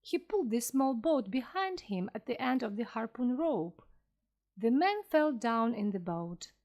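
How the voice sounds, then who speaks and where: A woman narrating a story slowly and clearly for language learners, reading with careful pronunciation. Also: a little high, very animated, lo-fi sound.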